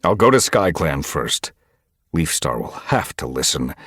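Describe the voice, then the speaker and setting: A man's voice: rumbling low, sing-song, a little slow, a bit bright, breathy edge, no room sound, clean studio sound, exaggerated voice. A man voicing a firm, determined male cat who leads his clan, in an audiobook. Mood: insistent. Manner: firm, insistent. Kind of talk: audiobook character voice.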